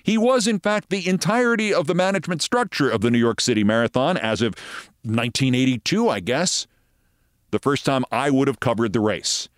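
A man's voice: mid-range voice, animated, a little fast, no room sound, studio quality. A man in his sixties hosting a show, telling wry, conversational anecdotes. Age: 60s. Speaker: host. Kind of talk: monologue storytelling.

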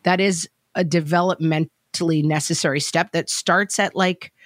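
A middle-aged woman chatting as a podcast guest, telling stories in an animated, self-mocking way. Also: lowish voice, normal speed, no echo, studio quality. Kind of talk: casual chat.

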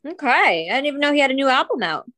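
A woman's voice: sits high, very animated, very fast, pushed and bright, no echo. A woman co-hosting a podcast, chatting casually with blunt, crude reactions. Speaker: podcast co-host. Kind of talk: casual gossip chat.

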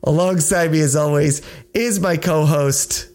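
A man's voice: fairly high pitch, a little slow, darkish tone. A man co-hosting a casual podcast, tired and joking, swearing freely and teasing his partner. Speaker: podcast co-host. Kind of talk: casual banter.

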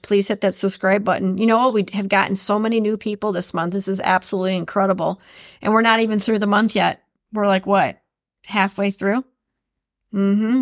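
A woman's voice: medium pitch, no room sound, studio quality. A woman hosting a podcast in a casual, chatty solo talk, often laughing as she speaks. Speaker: podcast host.

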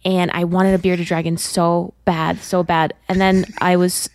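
Woman chatting, a bit low, dry sound, lots of ums and likes. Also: little pitch movement, a little mellow, dry recording. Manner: halting, filler-heavy storytelling. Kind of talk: casual chat.

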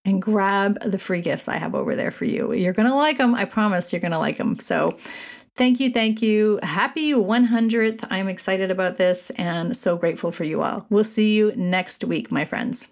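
A woman's voice: medium pitch, moderate pace. Chatty upbeat woman podcast host. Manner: chatty and upbeat, repeats herself warmly. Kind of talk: solo podcast chat. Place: small room alone. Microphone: studio mic.

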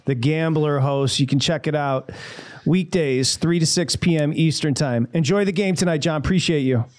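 A man's voice: on the high side, normal speed, darkish tone. A man co-hosting a sports betting show, from Michigan, wrapping up a segment with teasing banter. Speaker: podcast co-host. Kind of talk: casual sports talk.

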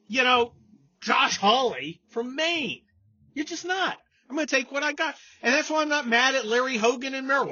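A man talking through a casual political chat, his voice husky and bright, his pitch swinging widely as he rants and mocks. The recording sounds dull and lo-fi. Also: fairly quick, no echo. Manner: sarcastic, animated, mocking impressions. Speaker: podcast host.

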